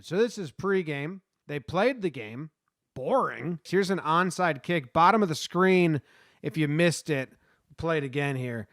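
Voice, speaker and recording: A man giving a jokey, sarcastic play-by-play of game footage, voicing the players in quick asides. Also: a little high, clean tone, dry recording, clean studio sound. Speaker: sports commentator.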